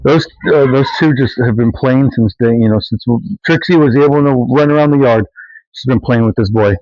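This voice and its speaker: A man's voice: mid-range voice, moderate pace, darkish tone, dry recording, muffled recording. A man filming a casual vlog outdoors on his homestead, talking in a loose, rambling way with plenty of fillers and restarts. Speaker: homesteading vlogger. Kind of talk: casual walk-and-talk vlog. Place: outdoors on a farm yard with animals.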